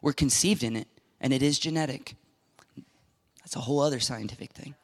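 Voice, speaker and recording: A middle-aged man preaches as a pastor in a brisk, mid-range voice. Animated and emphatic, he dramatizes quoted voices and sometimes falls to a whisper.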